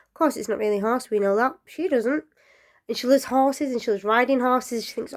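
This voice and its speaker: A woman telling folklore stories casually, chatty and rambling with asides and fillers, often dropping to a soft near-whisper. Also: on the high side, lively intonation, fairly quick. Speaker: storyteller.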